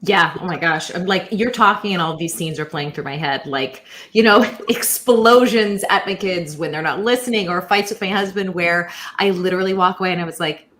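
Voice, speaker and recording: A woman hosting an interview, animated and self-deprecating as she chats with her guest. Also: on the low side, normal speed, hardly any pauses. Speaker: host. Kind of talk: casual interview chat.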